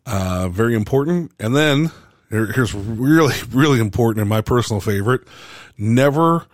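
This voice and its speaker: A man, a pastor, giving a casual church talk in a relaxed way, halting often with fillers and restarts. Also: mid-range voice, no room sound, clean studio sound.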